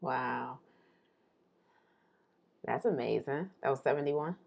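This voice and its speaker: This woman has a very low voice with a gravelly edge. She co-hosts a podcast and chats casually, rambling in an animated way and laughing often. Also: slow pace. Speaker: podcast co-host. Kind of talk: casual chat, imagining the future.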